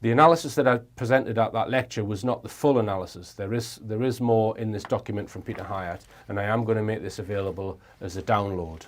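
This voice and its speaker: A man's voice: on the low side, quick pace, hardly any pauses, a little hiss or hum. A man presenting a lecture-style commentary, explaining step by step in a conversational way. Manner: conversational, explains step by step, frequent "okay" and "right".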